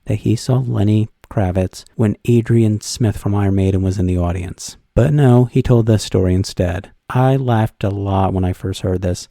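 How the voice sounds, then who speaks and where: A man's voice: on the low side, gravelly, dark tone, no room sound, studio quality. A man narrating a countdown of favorite podcast moments with enthusiastic fan commentary.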